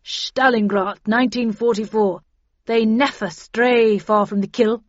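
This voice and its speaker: A woman's voice: on the high side, fairly even intonation, a little slow, no room sound. A woman reading aloud and voicing a curt male veteran commander in a story. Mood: gruff. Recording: dull lo-fi dry recording.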